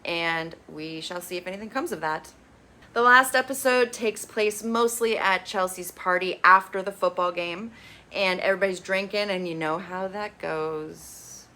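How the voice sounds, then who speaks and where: A woman's voice: fairly low pitch, normal speed, pushed and bright. A woman casually recapping reality TV episodes, blunt and sarcastic, swearing freely. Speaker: reality TV reviewer.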